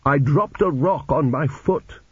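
A man's voice: a little high, husky, dry recording. A man playing a prim, self-righteous middle-aged prisoner. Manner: slow, virtuous and prim. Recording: dull lo-fi audiobook recording.

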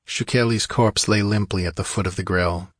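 A man giving a steady, measured scripted narration of a fantasy story. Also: lowish voice, breathy edge, dry recording, clean studio sound.

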